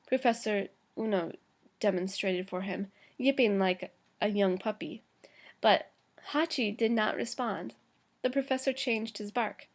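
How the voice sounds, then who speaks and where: Woman teacher, higher voice, reads a chapter aloud to the class, slow, fixes her own slips. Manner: slow, careful reading with small stumbles and self-corrections.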